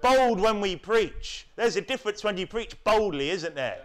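A man's voice: high-pitched, animated, normal speed. A man from the United Kingdom preaching a sermon, peppering his points with tag questions and mocking whiny voices. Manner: rhetorical, keeps asking tag questions; mimics whining voices to mock them.

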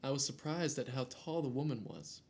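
A man's voice: mid-range voice, brisk, a little mellow. Casual man reading a scary story. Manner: reads aloud with jokey asides and stumbles over names.

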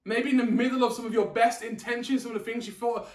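A man's voice: extremely high pitch, fairly even intonation, fast. A man preaching a sermon in a conversational way, restarting words and asking the audience questions, in a church hall. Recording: echoey room, distant mic.

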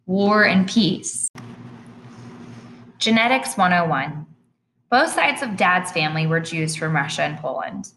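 A woman reads an audiobook in the first person, earnest and plain in her storytelling. Her voice sits a little low, with a faint hiss beneath the recording. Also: animated, moderate pace, pushed and bright, poor audio. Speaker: audiobook narrator.

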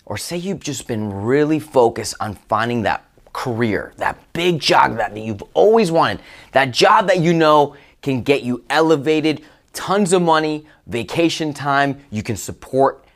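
A man hosting his own motivational podcast, telling a personal story with emphatic, excited exclamations. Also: medium pitch. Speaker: podcast host.

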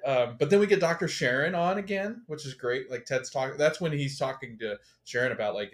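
A man's voice: mid-range voice, fairly quick, hardly any pauses. A man with a mid-range voice co-hosts a casual podcast and recaps a TV show. He retells the scenes with energy and slips into the characters' lines as he goes. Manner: animated, retells scenes, acts out quotes. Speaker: podcast co-host. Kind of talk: casual chat recapping a TV episode.

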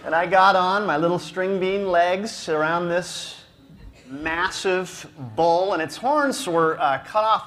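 A man with a fairly high voice tells a self-mocking story to a room of ministers. He laughs often and stumbles over his words as he goes. A faint hum of ambience sits under his voice. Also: takes it slowly, fairly bright tone. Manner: self-deprecating, laughs often, many restarts. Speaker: speaker at a ministry gathering. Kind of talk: humorous storytelling talk.

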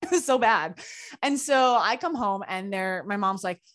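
A woman guest telling a personal story in casual talk, animated and full of "like" fillers, acting out the voices of people she quotes. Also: medium pitch, moderate pace. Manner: chatty, frequent "like" fillers. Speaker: podcast guest.

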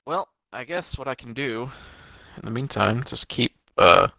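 A man's voice: mid-range voice, moderate pace, gravelly, bright, forceful tone. A young man co-hosting a podcast from home, rambling and swearing in casual chat. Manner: swearing, laid-back rambling. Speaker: podcast co-host.

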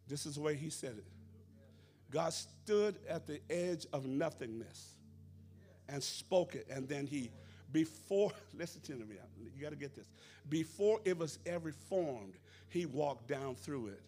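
A man preaching with fervor at a church service, his voice gravelly and a bit high. He drops to near-whispers, then builds to shouts and bursts into tongues. Faint instrumental music plays softly behind him. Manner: impassioned, swings from hushed to shouting, speaks in tongues. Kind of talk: fervent Pentecostal sermon.

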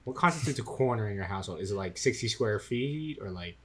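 A man's voice: fairly low pitch, animated, quick pace, fairly bright tone, slight background noise. A young man co-hosting a casual chat, teasing and mocking his friend. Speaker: podcast co-host.

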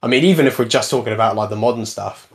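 A man's voice: fairly low pitch, racing. A young man hosting a casual chat, rambling and correcting himself as he talks. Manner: rambling, self-correcting, chatty. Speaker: podcast host.

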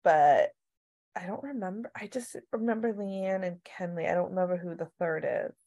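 A woman in casual chat recapping a TV show, animated and swearing freely as she acts out quotes. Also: lowish voice, moderate pace, highs cut off. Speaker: podcast co-host.

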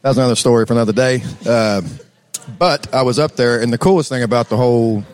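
A man's voice: mid-range voice, fast, a little mellow. A man with a Texan accent, telling rambling stories as a musician guest on a casual chat show. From Texas. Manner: laid-back, rambling, laughs often.

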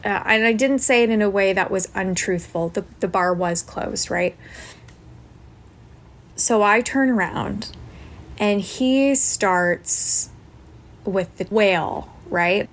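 A woman's voice: mid-range voice, takes it slowly. A woman podcast host telling a personal story in an earnest, reflective way, often tagging thoughts with "like" and "right?".

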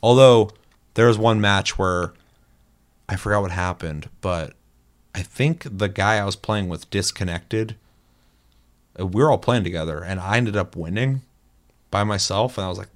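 Young guy hosting a chat, kinda low voice, swearing a lot and acting out stuff in his stories. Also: moderate pace, long pauses. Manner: animated storytelling, acting out quotes, swears often. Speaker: podcast host. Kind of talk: casual chat, storytelling.

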